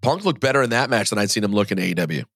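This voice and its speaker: A man hosting a podcast in casual chat, talking in quick asides. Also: on the low side, animated, vocal fry, fairly bright tone, no echo, studio quality. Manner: chatty, quick asides, quotes others in mock voices. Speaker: podcast host.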